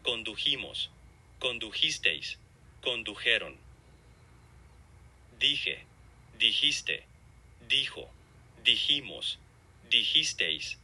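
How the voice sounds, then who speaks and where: Slow, husky man reading word drills. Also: medium pitch, bright, forceful tone. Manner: slow, deliberate, one word at a time. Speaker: model speaker reading examples. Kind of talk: reading word lists for a lesson.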